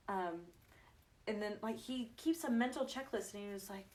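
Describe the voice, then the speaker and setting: A woman's voice: mid-range voice, moderate pace, darkish tone. A woman talks to her viewers during a live craft session. She is chatty and affectionate, telling family stories and laughing through them. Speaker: craft livestream host. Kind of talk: casual craft livestream chat.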